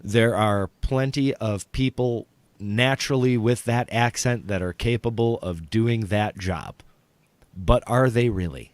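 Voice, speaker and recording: A man's voice: fairly low pitch, measured pace, dry recording. A man who hosts and does stand-up, chatting casually and animatedly with lots of fillers. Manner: animated, rambling, with many fillers. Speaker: podcast host and stand-up comic. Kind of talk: casual comedic chat.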